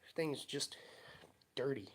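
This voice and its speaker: This young vlogger speaks slowly in a mid-range voice, with a little hiss or hum in the recording. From his garage at home, he spins casual, rambling tales, laughing and performing each quote.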